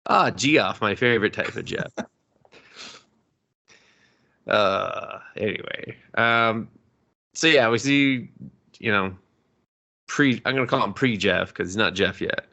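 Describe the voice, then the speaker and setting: A man's voice: fairly low pitch, slow, creaky, pauses often, pushed and bright. A young man co-hosting a podcast who reviews a movie in casual chat, joking and laughing often and putting on silly voices. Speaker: podcast co-host.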